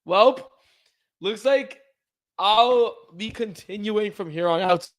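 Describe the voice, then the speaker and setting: A man's voice: sits high, slow pace, a bit bright. A young man co-hosting a sports livestream, chatting casually and rambling while he waits for his partner, yawning now and then. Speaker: podcast co-host.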